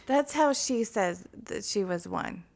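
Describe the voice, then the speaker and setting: A woman's voice: medium pitch, lively intonation, unhurried, gravelly, a little mellow. A woman co-hosting a true-crime podcast, eagerly chiming in with agreement, asides and the occasional swear. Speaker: podcast co-host.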